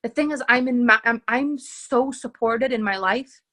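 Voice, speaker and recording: A woman's voice: a little high, moderate pace, a bit bright. A woman relationship coach talking to her group in a live session, earnest and emphatic, repeating her key phrases. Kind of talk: live coaching session, reading out viewer comments.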